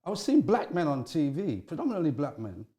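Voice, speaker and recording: A middle-aged man, an interview guest, telling candid stories from his youth with animated swings in pitch and frequent restarts. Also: brisk.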